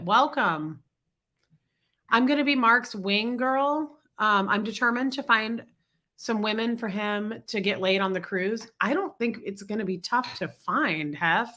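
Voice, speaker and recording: A woman's voice: fairly high pitch, sharp tone. A woman hosting a casual livestream, congested from illness, chatting and greeting viewers by name. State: congested, sick voice. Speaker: livestream host. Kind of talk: casual livestream chat reading comments.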